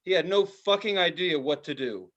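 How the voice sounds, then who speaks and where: A man co-hosting a podcast, telling a profane, animated story in casual chat, now and then shouting loudly. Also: fairly high pitch, normal speed, dull audio. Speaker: podcast co-host.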